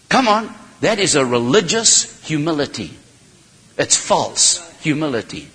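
Man, preacher, sermon, bright and forceful, lively rising and falling pitch, long reverb of a large hall. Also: a little slow. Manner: impassioned, swings from quiet to shouting.

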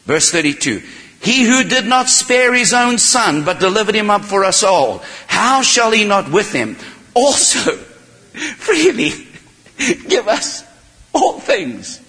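A man preaching a sermon, impassioned, swinging from quiet, low passages to loud, high shouting. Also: very animated, takes it slowly. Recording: long hall reverb.

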